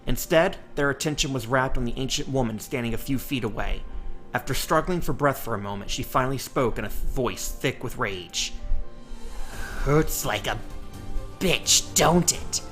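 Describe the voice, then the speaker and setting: A man reads a novel aloud in an audiobook style, with steady storytelling. His voice sits at a middle pitch and sounds bright and forward. Soft music plays faintly behind him. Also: brisk. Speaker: audiobook reader.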